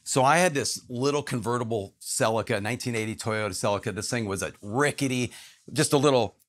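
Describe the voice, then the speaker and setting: A man speaking as a guest in a relaxed conversation, neither high nor low in pitch. He tells his story earnestly and with emphasis, slipping into the voices of the people in it as he goes. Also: brisk. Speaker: guest, actor.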